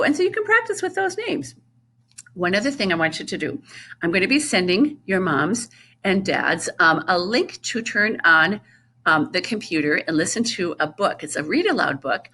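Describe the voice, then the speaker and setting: A middle-aged woman music teacher giving a distance-learning lesson to young children, chanting rhythms and talking slowly and patiently. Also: medium pitch, very animated, sharp tone, slightly rough. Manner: slow, patient, sing-song rhythm chanting.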